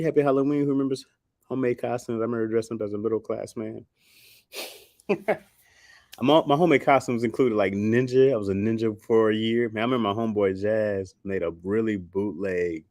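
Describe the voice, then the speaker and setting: Male streamer, low voice, loose slangy rambling, laughs often, dry close sound. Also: darkish tone, no room sound. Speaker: livestream host. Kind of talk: casual chat with viewers.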